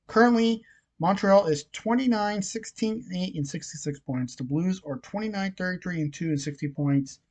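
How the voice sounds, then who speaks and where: At a normal speed and with a somewhat dark tone, this medium-pitched hockey vlogger goes casually over scores, odds and picks. He's got a frog in his throat, a nagging cough, and a habit of leaning on fillers.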